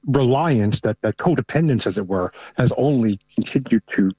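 Man with a thick New York accent, husky voice, dry close sound, casual guest chat, restarts a lot. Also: medium pitch, lively intonation, moderate pace, dark tone, dry recording, muffled recording. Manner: conversational, restarts often. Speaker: panel guest. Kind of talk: casual remote interview.

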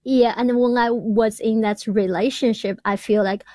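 A woman and doctoral student who stutters, repeating words as she reflects slowly in an interview. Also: on the high side, steady tone, warm tone, dry recording. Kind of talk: interview conversation.

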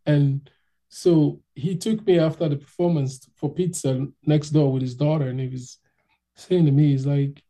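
A man casually telling an animated anecdote in an interview, acting out the voices of the people in it. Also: a little high, moderate pace. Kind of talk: casual storytelling.

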